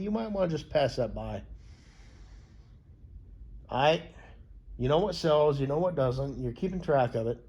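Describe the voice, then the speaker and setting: A man's voice: on the high side, mellow, muffled recording. A young American man telling a rambling, profane story with lots of fillers and restarts. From United States. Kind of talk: casual rambling monologue.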